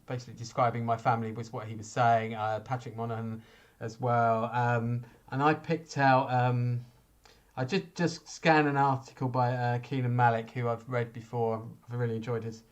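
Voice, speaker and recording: Guy hosting a chat show, lots of ums and uhs, mid pitched, kinda hesitant. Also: level tone, moderate pace, dull audio. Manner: hesitant, filler-heavy. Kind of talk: casual chat.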